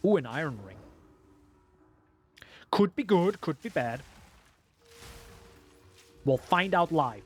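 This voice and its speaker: A man's voice: mid-range voice, animated, slow, pauses often, husky, faint music behind. A man streaming a video game, rambling casually to his viewers as he plays. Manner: rambling, chatty, talks to viewers. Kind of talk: live gameplay commentary.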